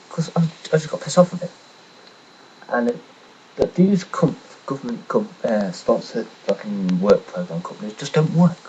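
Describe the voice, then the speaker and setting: A man's voice: deep voice, warm tone, highs cut off, a little hiss or hum. A young man from England, telling a story in a blunt, sarcastic, swearing rant. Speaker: vlogger telling a personal story. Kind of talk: casual ranting monologue.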